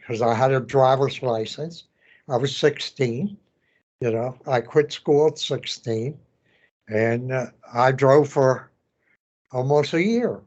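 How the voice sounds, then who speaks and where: Slow-spoken elderly man, dull recording. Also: mid-range voice, darkish tone. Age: 90s. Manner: halting, repeats words, laughs while telling. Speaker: veteran interviewee. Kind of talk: oral history storytelling. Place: veterans center room.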